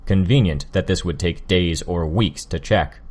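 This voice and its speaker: A man reading an audiobook, voicing a stern, gruff armored hero who speaks in low, clipped lines. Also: moderate pace, darkish tone.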